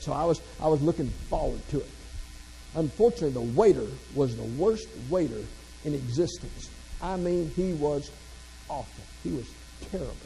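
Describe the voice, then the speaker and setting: A man's voice: a little high, gravelly, warm tone, poor audio. A man giving a humorous motivational keynote speech, telling folksy stories and joking straight to the audience. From Southern United States. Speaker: motivational speaker.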